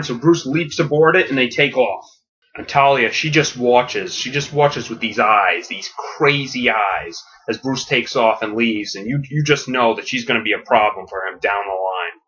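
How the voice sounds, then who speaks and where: A man on a podcast retelling a comic story as a comedic pitch, animated and laughing at his own jokes, with quick character voices. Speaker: podcast host. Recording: dull lo-fi audio.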